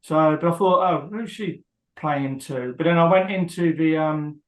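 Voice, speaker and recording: A man's voice: a little high, a little slow. Hesitant man in an echoey room. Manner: hesitant, many ums, rambling. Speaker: guest, husband of a prisoner. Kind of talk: emotional interview.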